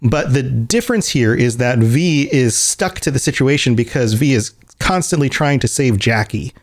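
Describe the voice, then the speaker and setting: A man's voice: medium pitch, normal speed. A man in casual chat, telling a game story with lots of restarts and acting out the characters' lines. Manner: animated storyteller who acts out quoted lines.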